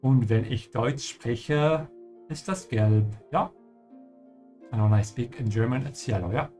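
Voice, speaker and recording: A man's voice: mid-range voice, a little slow, darkish tone, soft background music. A man teaching a language over gameplay, explaining patiently and checking in with the listener with "yeah?".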